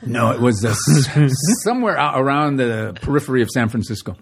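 A man's voice: medium pitch, brisk, husky. A man who is a guest comedian, telling a story in casual chat, swearing casually and acting out the voices of the people in it. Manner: animated, acts out quoted voices.

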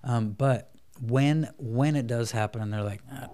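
A man in his thirties, a parenting coach, chatting in an interview and softly acting out talks between parents and children. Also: medium pitch, a little slow. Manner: acts out parent and child dialogue in a soft voice. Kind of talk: casual interview chat.

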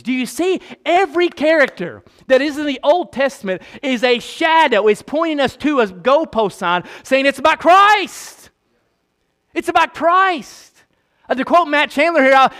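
A man with a high-pitched voice preaches to his church. He reads long passages aloud in a lower, steadier tone, then climbs into loud, emphatic preaching that repeats its key lines. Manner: swings from low reading voice to high emphatic preaching. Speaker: pastor. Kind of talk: sermon.

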